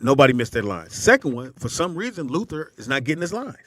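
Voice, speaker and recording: A man hosting a casual chat, telling a backstage story and acting out the quotes with big jumps in pitch. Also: fast talker. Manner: animated, acts out quotes with sudden jumps in pitch. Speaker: host.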